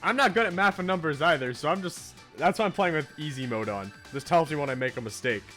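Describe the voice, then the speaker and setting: A man's voice: a little high, lively intonation, fast talker, bright, forceful tone, soft background music. A man playing a game on stream, chatting casually and reading character dialogue aloud in his own voice. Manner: reads characters in his own voice, laughs at his own attempts.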